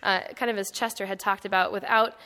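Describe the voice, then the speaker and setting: A woman's voice: mid-range voice, fairly even intonation, quick pace, sharp tone. A woman giving a public talk at an indoor event, chatty and anecdotal, with many fillers and restarts. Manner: conversational, storytelling with frequent fillers and restarts. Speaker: panel speaker. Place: indoor hall. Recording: long hall reverb.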